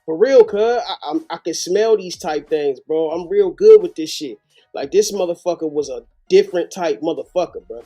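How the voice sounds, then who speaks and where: A man's voice: on the high side, expressive, moderate pace, warm tone, soft background music. A man hosting a live reaction show, commenting animatedly with heavy slang and profanity. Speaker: host.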